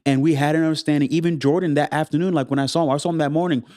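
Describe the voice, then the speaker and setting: A man's voice: a little high, rapid-fire, dry recording, clean studio sound. A man co-hosting a podcast with his wife, chatting casually and playfully, acting out quotes as he tells a story. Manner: playful, animated storyteller who acts out quotes. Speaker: podcast co-host. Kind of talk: casual chat.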